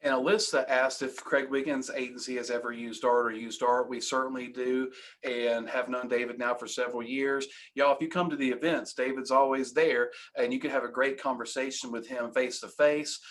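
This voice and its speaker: A man's voice: medium pitch, flat delivery, normal speed, a bit bright. A man hosting a live training webinar, coaching with energy and emphasis and acting out sales lines.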